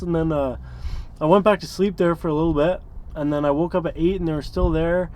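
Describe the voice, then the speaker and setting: A man's voice: a little high, a little fast, darkish tone. A man in his early twenties telling stories in a casual, rambling way, full of fillers and small chuckles. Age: 20s. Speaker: interviewee, van dweller. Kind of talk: casual storytelling.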